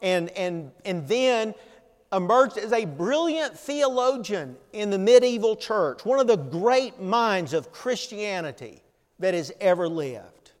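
An older man preaching a sermon as pastor, earnest and emphatic, often repeating words and pausing. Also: high voice, sing-song, long reverb tail.

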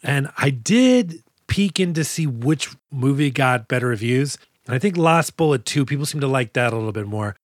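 A man's voice: mid-range voice, animated, moderate pace, dry recording, clean studio sound. A man from the United States hosting a podcast about action movies, joking and rambling in casual chat. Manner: jokey, rambling with restarts. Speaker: podcast host.

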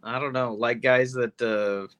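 A man co-hosting a podcast in casual chat, cutting in with wry, deadpan remarks. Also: medium pitch, measured pace, no echo. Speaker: podcast co-host.

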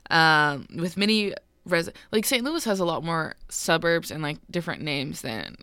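A woman's voice: low voice, animated, moderate pace, bright, forceful tone, dry recording. A young woman co-hosting a podcast, chatting casually and reading out an urban legend, giggly and rambling off track. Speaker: podcast co-host.

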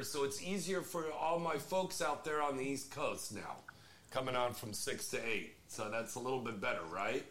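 A man's voice: medium pitch, moderate pace, fairly bright tone. A man hosting a call-in talk show, loose and crude in his joking banter. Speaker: radio show host.

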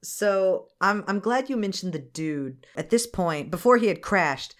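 Recapping a cartoon film on the podcast she co-hosts, this woman chats casually, laughs, swears, and performs scenes in goofy voices. Her medium-pitched voice is expressive and a little slow.

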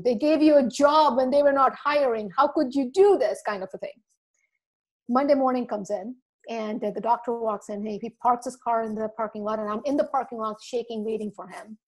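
A woman podcast guest telling an animated story, acting out quotes and laughing often. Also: a little high. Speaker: podcast guest, marketing speaker.

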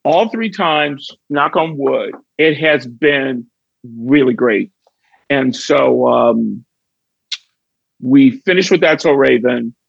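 A man's voice: medium pitch, takes it slowly, creaky, husky, no room sound, muffled recording. A man, an actor and comedian from Chicago, telling stories in a casual chat and acting out the voices in them. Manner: animated, acts out voices in his stories. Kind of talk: casual storytelling.

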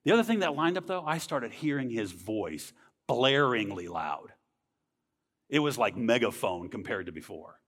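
An earnest man shares his testimony in conversational, everyday language, his voice rising and falling with lively swings in pitch. His voice carries a long reverb from a large hall, and his pitch sits in a middle range for a man. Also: moderate pace. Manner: earnest, conversational, frequent tag questions. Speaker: speaker sharing a testimony. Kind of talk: personal faith testimony.

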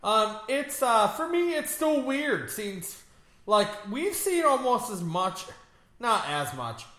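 A man's voice: extremely high pitch, big pitch swings, slow, pushed and bright, reverberant. A man co-hosting a podcast, reviewing a movie in casual, joking and rambling chat. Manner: joking, rambling, laughs often. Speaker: podcast co-host.

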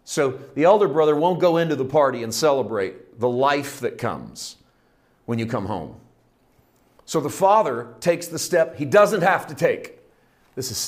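A middle-aged man preaching a sermon, telling a parable with lively storytelling and acting out its characters. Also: mid-range voice. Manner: animated storytelling, acting out characters, rising to shouts. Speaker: pastor.

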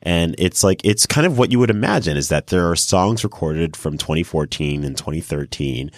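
A man's voice: deep voice, animated, normal speed, no echo, studio quality. A man co-hosting a podcast, chatting casually about an album, enthusiastic and full of fillers. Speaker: podcast co-host. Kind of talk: casual music review chat.

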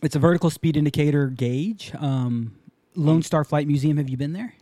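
Mellow-voiced rambling male podcast host. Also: fairly high pitch, moderate pace, dry recording. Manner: rambling, upbeat, restarts often. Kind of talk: casual talk show chat.

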